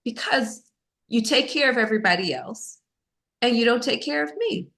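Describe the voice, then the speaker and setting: A woman's voice: on the high side, expressive, moderate pace, creaky, fairly bright tone, voice pushed up. A woman voicing a female fire-breathing dragon that stands for anger, speaking in a reproachful tone. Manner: reproachful, pleading to be cared for.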